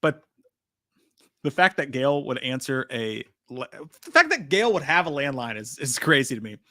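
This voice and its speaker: A man's voice: medium pitch, sing-song, normal speed, sharp tone, no room sound, studio quality. A man hosting a live trailer breakdown, rambling casually, swearing freely and reading out chat comments. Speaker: live-stream host.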